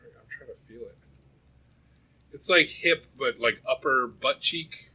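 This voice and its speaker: Husky, bright-voiced man telling stories. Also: medium pitch, takes it slowly, low-quality recording. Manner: profane, rambling and animated. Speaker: podcast co-host. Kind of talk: casual storytelling chat.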